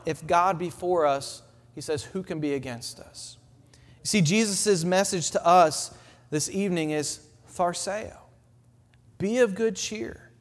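A preacher with a high, light voice gives an evening sermon in a church, his words trailing into a long hall reverb. He builds through repeated phrases, then grows quiet and gentle when quoting words of comfort.

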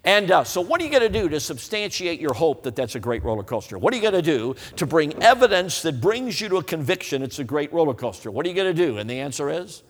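A man's voice: fairly high pitch, fast talker, few pauses. A man preaching a humorous, folksy sermon, telling stories and often asking the audience whether they know what he means. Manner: folksy, animated, asks the audience. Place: church hall. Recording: reverberant hall.

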